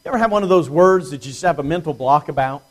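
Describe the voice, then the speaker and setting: A man preaching an evening Bible study to his congregation, plainspoken, with dry self-deprecating humor and slow emphasis on key words. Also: a little high, darkish tone. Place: church congregation.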